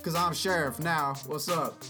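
A man's voice: a little high, steady tone, measured pace, music in the background. A man hosting a casual solo podcast, rambling profanely and slipping into sing-song freestyle rap into a podcast mic. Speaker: podcast host.

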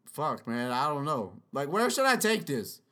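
A man's voice: a little high, big pitch swings, normal speed, bright, forceful tone. A man hosting a casual solo podcast, rambling profanely and slipping into sing-song freestyle rap into a podcast mic. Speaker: podcast host.

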